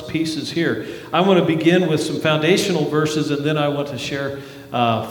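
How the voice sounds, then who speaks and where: Man, pastor, sermon, slow and earnest, echoey church hall. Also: on the high side. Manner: earnest preaching with rising emphasis and dramatic drops. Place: church sanctuary.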